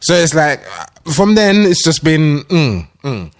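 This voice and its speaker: A man's voice: a little high, a little slow. A man co-hosting a casual film chat, slangy and emphatic, tacking "fam" onto his lines. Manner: animated, slangy, drops in 'fam' often. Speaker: podcast co-host.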